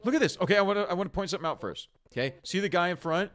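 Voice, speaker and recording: A man ranting through commentary on clips, exasperated and mocking as he swears his way through it. His pitch swings widely, leaping up when he gets worked up and dropping low when he turns scornful. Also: lively intonation, fast talker. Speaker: commentary host.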